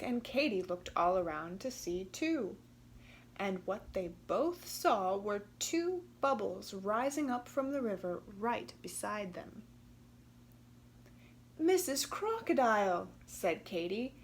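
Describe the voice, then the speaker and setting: A woman reading a children's storybook aloud in an expressive, gently emphatic way. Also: medium pitch, measured pace, a little hiss or hum. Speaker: storybook reader.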